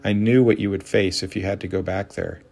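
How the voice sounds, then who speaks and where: A man's voice: low voice, steady tone, a little fast, gravelly, darkish tone. A man voicing a frustrated adult wife, speaking in a raised, insistent and pleading tone.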